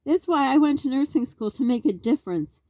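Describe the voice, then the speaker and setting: Talking fairly quickly with lively intonation, a middle-aged vlogger from Canada delivers a rambling, worked-up monologue straight to camera, full of rhetorical questions. Her voice is high-pitched but dark in tone, with no echo.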